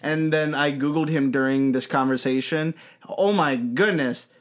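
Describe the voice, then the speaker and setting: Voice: medium pitch, moderate pace. A co-host in casual chat who teases and banters. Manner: teasing, lively banter.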